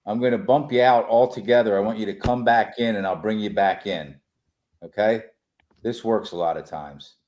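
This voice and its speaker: A man with a fairly low voice hosts a casual podcast. He keeps his prompts short and asks plain follow-up questions. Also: moderate pace, darkish tone. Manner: brief prompts and acknowledgments. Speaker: podcast host.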